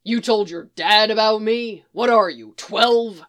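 A brash magical firebird, put on by a woman reading, snaps and sneers in a loud, sarcastic voice. He is a scornful male creature in a storybook who swears freely. His outbursts come loud and cutting. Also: medium pitch, measured pace, vocal fry. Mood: mocking.

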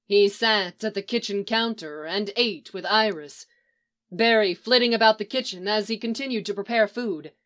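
A woman reads a story aloud in calm, measured narration. Her pitch sits in the middle of the usual range for a woman, and she keeps an even pace through long descriptive passages. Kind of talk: audiobook narration of fan fiction.

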